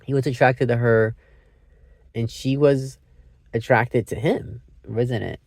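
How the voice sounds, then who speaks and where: A man chatting through a film review in a loose, wandering way, cutting himself off mid-thought and dropping casual curses. His voice sits at an ordinary middle pitch. The sound is dry and close, with no room around it. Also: steady tone, slow pace, creaky, a little mellow, no room sound. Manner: meandering, self-interrupting, swears freely. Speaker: movie reviewer.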